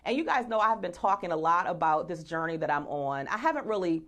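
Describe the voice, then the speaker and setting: A woman in her forties hosting a live-streamed talk show. She speaks in an animated, playful way, often laughing and talking straight to her viewers. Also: on the low side, fast. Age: 40s. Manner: conversational, addressing viewers directly.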